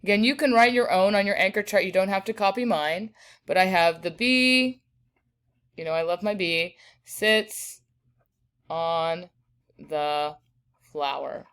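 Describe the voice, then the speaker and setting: A woman's voice: mid-range voice, moderate pace, fairly bright tone, smooth. Patient woman teacher explaining grammar. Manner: patient, checks in with "right?" and "okay". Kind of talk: grammar lesson for students.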